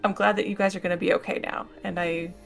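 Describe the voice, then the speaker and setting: A woman voicing a caring young woman adventurer who speaks softly and reassuringly, holding back tears. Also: mid-range voice, little pitch movement, quick pace, vocal fry, soft background music, close to an everyday voice. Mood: tender.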